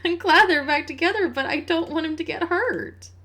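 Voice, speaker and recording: Chatty, high-voiced woman playing a game. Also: moderate pace, sharp tone. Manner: chatty, musing, laughs often. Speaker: let's play host. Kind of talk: casual gameplay commentary.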